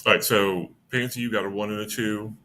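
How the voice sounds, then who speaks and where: A man narrating a tabletop game as game master, with a low, bright, forceful voice. He rambles and corrects himself mid-sentence. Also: steady tone, fairly quick.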